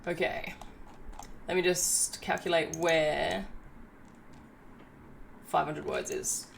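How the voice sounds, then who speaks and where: A woman's voice: low voice, little pitch movement, slow, creaky, a little hiss or hum. A woman hosting a live stream, bubbly and chatty as she greets viewers and narrates community stories. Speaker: livestreamer.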